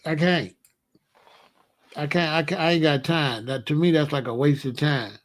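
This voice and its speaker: Man, host, casual comic rant, rhetorical questions, chuckles, raised pitch. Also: fairly even intonation, normal speed. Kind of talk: casual comedic monologue.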